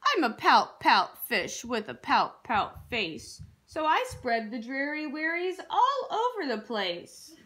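A woman's voice: high voice, big pitch swings, takes it slowly, hardly any pauses, pushed and bright, exaggerated voice. A woman voicing a gloomy male fish in a children's storybook, chanting his mopey refrain in a sing-song way. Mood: glum.

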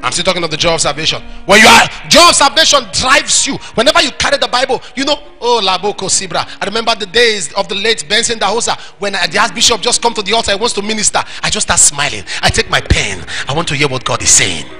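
A man with a Nigerian accent preaching a sermon in church, acting out little scenes and shouting at the high points. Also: lively intonation, quick pace, hardly any pauses, soft background music. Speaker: pastor.

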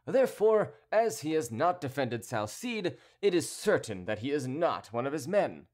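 A man's voice: a little high, sing-song, moderate pace, darkish tone, pitched above the performer's own voice. A man voicing a proud, hot-tempered middle-aged cavalier who speaks haughtily and impatiently, pushing his voice up.

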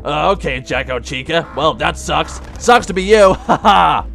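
In pirate talk, a man plays a game in character as a brash male animatronic pirate fox, losing his temper in loud, hot-tempered outbursts. His voice sits on the high side with lively intonation, a moderate pace and some creak, over soft background music.

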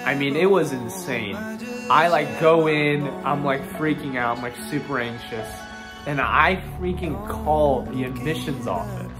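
A young man from New Jersey, vlogging, who moves from a read essay to animated storytelling full of "like". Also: medium pitch, unhurried. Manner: animated, acts out phone calls, many "like"s. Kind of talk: reading an essay, then casual storytelling. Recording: clear music bed behind the voice.

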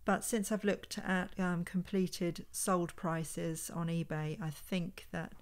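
A woman's voice: lowish voice, fairly even intonation, takes it slowly. A woman, a vintage homeware reseller, chatting unhurriedly at home in a casual show-and-tell vlog and thinking aloud as she handles items.

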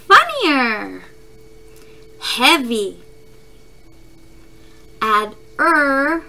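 A woman teaching a phonics lesson to young children, saying words slowly and clearly and repeating them for the class to echo. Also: on the high side, sharp tone, slight background noise. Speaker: kindergarten teacher.

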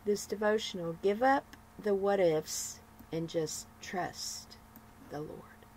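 A woman reading a morning devotional as a sermon, with measured phrasing and emphatic repetitions. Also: medium pitch, a little mellow, slight background noise, rough recording. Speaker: devotional broadcaster.

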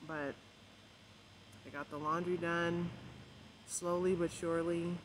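A stressed, emotional woman vlogging at home, rambling softly with many fillers and keeping her voice low. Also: level tone. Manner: rambling, many fillers, kept deliberately quiet. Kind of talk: casual rambling vlog chat. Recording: noisy home recording.

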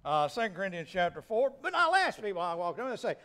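A middle-aged preacher man with a high, strongly swinging voice. He delivers a folksy sermon, his voice lifting to emphatic peaks. His talk is down-to-earth and full of expression. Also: sing-song, fast, bright, forceful tone. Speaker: pastor.

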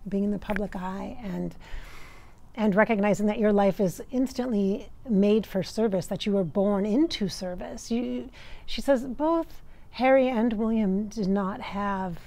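An American woman working as a spiritual medium, relaying messages in a channeling session in a halting way, searching for words. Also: mid-range voice, creaky, mellow. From United States.

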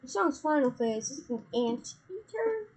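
A woman's voice: high voice, very animated, measured pace, darkish tone, low-quality recording. A woman chatting casually while playing, explaining tactics to her partner. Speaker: gamer. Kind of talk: casual gameplay chat.

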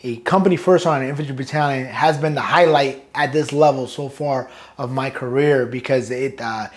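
A middle-aged man from New York sits as an interview guest and tells his stories in a relaxed, talkative way. He swears easily, laughs, and voices the people he quotes. His voice sits at an ordinary middle pitch for a man. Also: moderate pace. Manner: animated, profane, acts out quotes with laughs. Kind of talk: casual storytelling interview.

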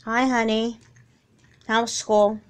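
A woman voicing a patient, caring mother who speaks in a soft, coaxing way in an amateur doll film. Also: on the high side, little pitch movement, slow, clean tone. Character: gentle, patient mother, caring but firm.

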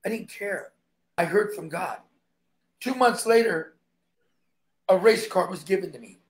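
A man's voice: sits high, measured pace. A man who is a stuntman, guesting on an interview and telling emphatic stories in which he acts out the dialogue.

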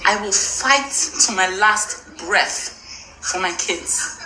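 A woman's voice: mid-range voice, lively intonation, slow pace, noisy background. A young woman from Africa venting to her camera, indignant and emotional, repeating herself as her voice breaks. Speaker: vlogger. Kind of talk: emotional direct-to-camera rant.

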